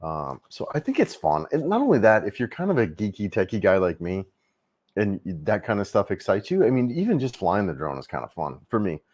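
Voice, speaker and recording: A man's voice: on the low side, huge pitch swings, brisk, a little mellow. A middle-aged man hosting a casual travel livestream, rambling easily with lots of fillers and restarts.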